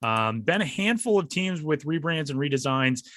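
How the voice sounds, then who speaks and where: A man hosting a podcast in casual chat, jokey and animated. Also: fairly high pitch, no room sound, studio quality. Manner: jokey, animated, quick laughs. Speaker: podcast host.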